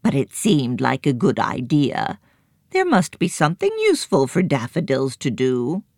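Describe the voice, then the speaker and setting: A woman voicing a crooked old female fortune-teller, croaking and shrill, in a storybook reading. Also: huge pitch swings, normal speed, a little mellow, no room sound, clean studio sound, exaggerated voice. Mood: croaky knowing.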